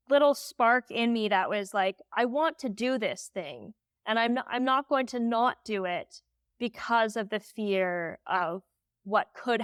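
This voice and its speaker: A woman guest on a podcast telling a story candidly, animated and full of "like" fillers. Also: fairly high pitch, clear, resonant tone, no room sound, studio quality. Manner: emotional when recalling.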